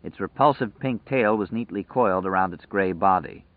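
A man narrating a story in a measured, vivid storytelling manner, over tinny phone-like audio. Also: sits low, no echo. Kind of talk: scripted narration.

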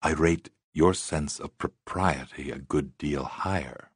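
A cool young woman who needles with dry wit and never hurries, put on by a male storyteller. She speaks deep and hushed, her slow lines carrying a husky grain. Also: expressive, dry recording, full character voice. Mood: dry teasing. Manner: dry, teasing, unhurried. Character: dry-witted, self-assured young woman, a stripper.

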